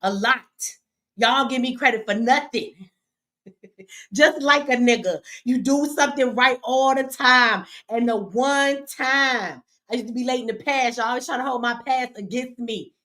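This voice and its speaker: A brash woman hosts a casual livestream from her home studio, her voice sitting a little high. She jokes, teases and swears freely as she talks straight to her audience. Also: measured pace, a bit bright. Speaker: livestream host.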